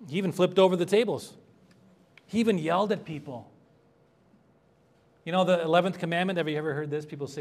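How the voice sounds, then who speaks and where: A man's voice: fairly high pitch, fairly quick, pauses often, a little mellow. A man preaching an expository sermon as pastor, earnest and conversational, rising in emphasis on key points. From United States.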